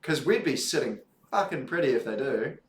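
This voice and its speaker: A man's voice: medium pitch, animated, normal speed, echoey room, slight background noise. A man co-hosting a live race stream, mixing dry teasing and casual swearing with commentary. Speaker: stream co-host.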